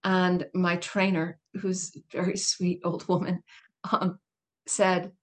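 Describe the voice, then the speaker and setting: A woman's voice: lowish voice, completely flat delivery, slow. Candid, emphatic middle-aged woman telling a story. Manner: emphatic and candid, with frequent laughs and asides. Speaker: interview guest. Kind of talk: casual storytelling interview.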